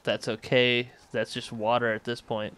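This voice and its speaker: A man's voice: mid-range voice, little pitch movement, moderate pace, a bit bright, clean tone. A man hosting a let's play, thinking aloud and correcting himself as he manages a space colony game. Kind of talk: casual gameplay commentary.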